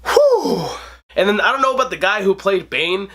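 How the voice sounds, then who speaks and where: A man in his twenties hosting a casual movie review vlog, animated and joking, laughing often. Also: high voice, moderate pace. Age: 20s. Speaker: host.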